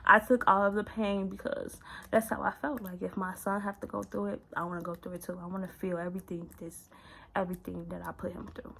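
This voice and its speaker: A young woman vlogger telling a personal story candidly in casual slang, often sinking to a hushed, near-whispered voice. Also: mid-range voice, little pitch movement, fairly quick, vocal fry, a little hiss or hum, rough recording.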